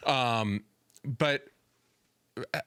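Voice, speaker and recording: Bright, dry-sounding man asking questions. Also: mid-range voice, very slow, clean tone, no room sound. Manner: hesitant, processing aloud, questioning. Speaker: podcast co-host. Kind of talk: casual Bible discussion.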